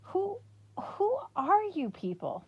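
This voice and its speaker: A woman's voice: mid-range voice, moderate pace, dull audio, natural voice. A woman voicing a frightened, defensive older-sister girl who speaks in a tense, insistent way. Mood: bewildered.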